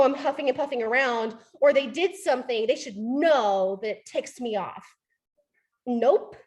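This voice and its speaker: A woman in her thirties giving a motivational training talk, animated, acting out quoted voices and often asking "right?". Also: sits high.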